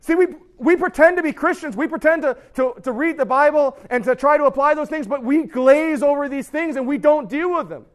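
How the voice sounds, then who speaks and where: A young man preaches to a youth group in a loose, conversational way, often slipping into playful impressions of his students' excuses. His voice sits high and lively. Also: a little fast, few pauses. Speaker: youth pastor. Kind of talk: youth sermon.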